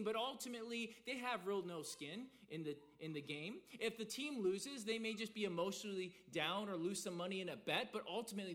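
Guy preaching, pretty high voice, animated, acts out little quotes and stumbles over repeats. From American South. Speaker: pastor. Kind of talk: sermon.

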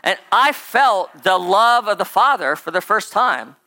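A preacher delivers a relaxed, chatty sermon, wandering and lively, sprinkled with plenty of "like" and "right?" asides. His voice sits in the mid range and he takes his time.

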